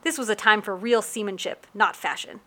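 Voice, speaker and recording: A woman reading a first-person adventure story aloud with lively, wry storytelling. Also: mid-range voice, brisk. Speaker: audiobook narrator.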